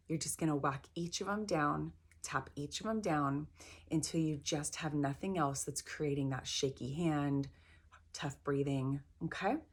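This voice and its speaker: A middle-aged woman leading a guided tapping session, gentle and encouraging, repeating phrases slowly. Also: low-pitched. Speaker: tapping practitioner.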